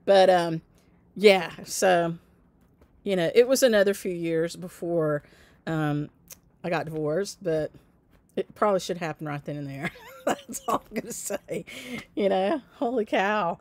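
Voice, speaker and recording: A woman's voice: on the low side, a little slow, darkish tone. A woman in her fifties telling a long personal story in casual chat with her viewers, laughing often and answering their comments by name. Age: 50s. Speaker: host of a stitching channel.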